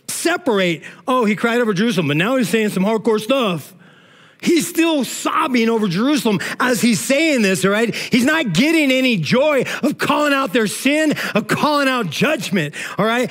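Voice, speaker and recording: A man's voice: very high voice, animated, normal speed, a bit bright. A middle-aged male pastor preaching a sermon in an emotional, conversational way, often tossing in "man" and "all right".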